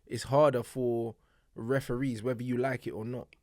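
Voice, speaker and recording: A man's voice: mid-range voice, level tone, moderate pace, a little mellow, no room sound, clean studio sound. A man co-hosting a casual sports podcast, reasoning in a laid-back way with street slang. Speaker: podcast co-host.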